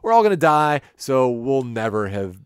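A man's voice: mid-range voice, sing-song, moderate pace, smooth, no room sound, studio quality. A man hosting a casual movie trailer podcast, easygoing and leading each segment. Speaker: podcast host.

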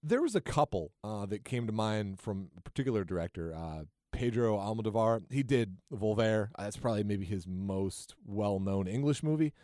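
A man's voice: on the low side, animated, moderate pace, few pauses, warm tone, no echo, studio quality. A man co-hosting a podcast, chatting casually and enthusiastically about movies with frequent restarts. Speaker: podcast co-host.

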